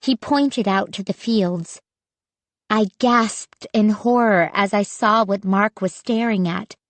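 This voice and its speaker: A woman narrating a spooky children's audiobook in a measured, suspenseful reading. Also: mid-range voice. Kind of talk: scripted horror narration.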